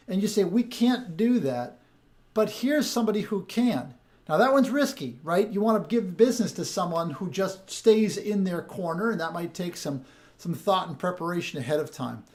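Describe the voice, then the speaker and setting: A man's voice: high-pitched, a little mellow. A man hosting a podcast of sales tips, talking in a chatty way and often restarting or repeating his words. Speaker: sales coach and podcast host. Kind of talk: casual podcast monologue.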